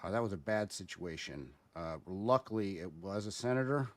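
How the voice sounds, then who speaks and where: A man giving casual spoken commentary as a guest, halting and explanatory, with many fillers and restarts. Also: low-pitched, animated, no echo.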